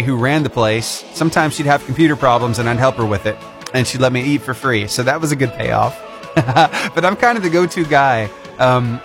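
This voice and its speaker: Male host, casual chat, lively pitch, laughs often. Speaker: radio show host.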